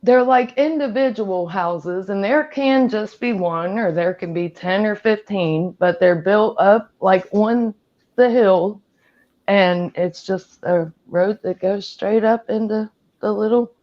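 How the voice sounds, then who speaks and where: A woman's voice: mid-range voice, takes it slowly, muffled recording. A woman from Appalachia chatting frankly as a guest on a livestream. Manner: frank, chatty, laughs easily. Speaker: guest panelist. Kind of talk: casual chat.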